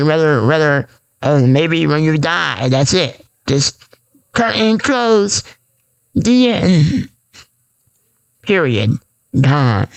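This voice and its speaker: A man hosting a raw, unscripted solo podcast, rambling and repeating himself with lots of fillers and restarts. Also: on the high side. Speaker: podcast host.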